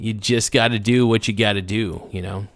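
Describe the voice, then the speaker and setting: A man's voice: fairly low pitch, fairly even intonation, moderate pace, slight background noise. A man hosting a casual livestream, reading viewer comments aloud and answering them in a rambling, blunt way. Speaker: livestream host.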